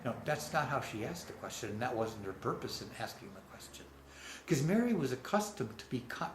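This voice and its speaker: A man giving an unscripted religious reflection, halting and rambling with frequent restarts. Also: medium pitch, slight background noise. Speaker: religious speaker. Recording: roomy with faint ambience.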